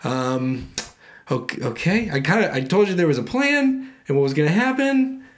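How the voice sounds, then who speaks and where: A man co-hosting a casual talk show, reading scripture passages aloud and then riffing on them with playful, animated asides. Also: fairly high pitch, normal speed. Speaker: podcast co-host reading scripture. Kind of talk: casual chat.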